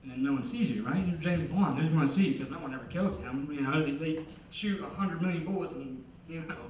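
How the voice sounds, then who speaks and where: A man's voice: on the high side, brisk, darkish tone, slight background noise. A young man from Ohio doing a stand-up comedy set, rambling and self-deprecating, with lots of fillers. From Ohio, USA. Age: young adult. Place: concert venue on stage. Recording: echoey hall, heard from a distance.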